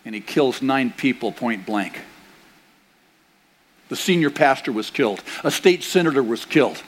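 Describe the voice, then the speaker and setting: A man's voice: mid-range voice, expressive, normal speed. An older man, a grandfather, preaching a sermon as pastor in a conversational way, with rhetorical questions and playful asides. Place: church sanctuary.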